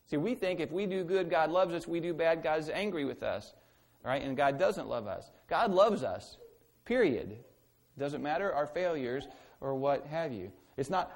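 A man's voice: on the high side, a little mellow. A male pastor giving an earnest sermon to a congregation, full of repeated phrases and rhetorical questions, then closing in prayer. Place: church service, also streamed online.

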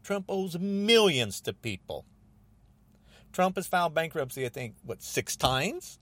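An angry man hosting his own podcast, ranting about politics in an agitated, repetitive way, often rising almost to a shout. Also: high voice, sing-song, unhurried, dry recording. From United States. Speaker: podcast host.

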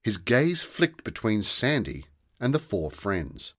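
A man narrating a children's fantasy story in a slow, deliberate storytelling manner. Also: on the low side, very animated, a bit bright.

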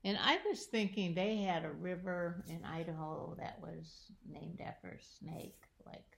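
A woman in casual chat about a crossword, speaking quietly and softly, often just murmuring agreement. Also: lowish voice, fairly even intonation, unhurried, gravelly. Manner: quiet, soft-spoken, frequent murmured uh-huhs. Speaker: crossword podcast co-host. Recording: dull lo-fi sound.

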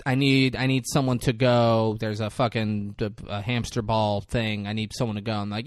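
A man's voice: lowish voice, moderate pace, few pauses, no echo. Guy ranting through a movie recap, swearing, doing little voices, dry close mic. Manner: animated storytelling, acts out characters' lines, swears a lot. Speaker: podcast co-host recapping a film. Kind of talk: casual profane chat.

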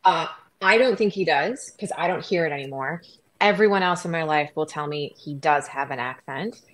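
A middle-aged woman from Wisconsin chatting as a guest on an interview show, talking quickly with lots of "like" and restarts. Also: sits low. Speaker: guest, sports anchor. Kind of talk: casual interview chat.

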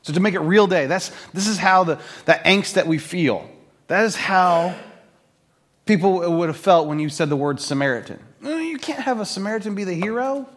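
A man's voice: high voice, lively intonation, normal speed, fairly bright tone. A middle-aged man preaching a conversational sermon, telling the story and acting out the people in it. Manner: conversational, storytelling, acts out quoted voices. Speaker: pastor.

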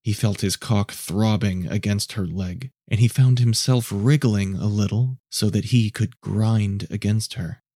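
A man narrating a scripted story in a measured, low-key way. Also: warm tone, no room sound, clean studio sound.

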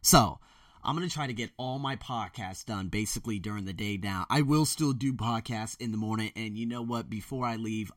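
A man's voice: lowish voice, no echo, recorded from a distance. A young man hosting a podcast, ranting bluntly and profanely in a casual monologue from his bedroom. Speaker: podcast host. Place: bedroom with door closed. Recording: dry room, voice a bit off-mic.

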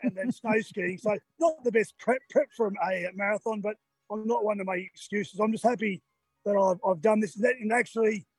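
A husky, fairly high-voiced older Australian man talks to the hosts over a phone video call from near the finish line, tired after the race. He is chatty and laughs often, and he acts out the voices of the cheering crowd. A little music plays faintly behind him. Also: fairly quick, no echo. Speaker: marathon runner guest. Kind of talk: casual chat on a live radio call.

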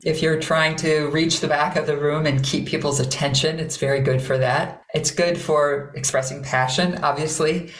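A middle-aged woman, a voice coach, talking in an interview and demonstrating sounds with sudden loud bursts. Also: low-pitched. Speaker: voice coach guest. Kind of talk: conversational interview. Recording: roomy echo.

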